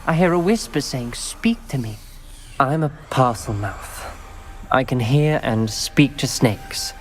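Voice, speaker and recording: A man voicing a serious young wizard in a video game, speaking in a calm, measured way. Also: mid-range voice, a little hiss or hum. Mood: grave. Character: serious young male wizard, wary of dark magic. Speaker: game character, a student wizard. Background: game music.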